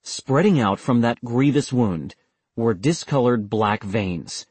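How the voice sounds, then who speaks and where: A male narrator reading an audiobook in a steady, measured voice. His mid-pitched voice has a husky, breathy grain. The recording is dry and close, with no room sound. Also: no echo.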